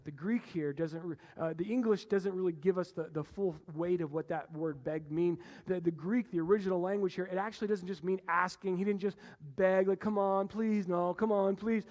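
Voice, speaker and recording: A man preaching a sermon as pastor, animated, moving between loud emphasis and hushed low passages. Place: church sanctuary. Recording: long reverb of a church hall.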